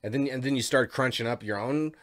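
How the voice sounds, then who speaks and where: A man co-hosting a casual podcast, his tone bright and clear. He rambles, stopping and restarting his sentences as he goes. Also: medium pitch. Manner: rambling, halting, restarts often. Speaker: podcast co-host. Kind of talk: casual chat.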